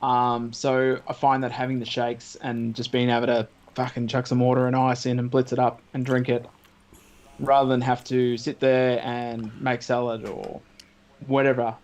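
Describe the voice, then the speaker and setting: Aussie bloke guesting on a stream, average-pitched voice, chill, swears a lot. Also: male voice, completely flat delivery, normal speed, a little mellow. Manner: laid-back, swears casually. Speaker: guest on a livestream. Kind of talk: casual chat.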